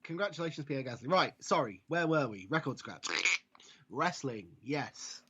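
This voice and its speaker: A man's voice: on the high side, animated, moderate pace, fairly bright tone, breathy edge. A man co-hosting a wrestling podcast, talking in a rambling, jokey way and often correcting himself. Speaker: podcast co-host. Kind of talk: casual chat. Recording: dull lo-fi audio.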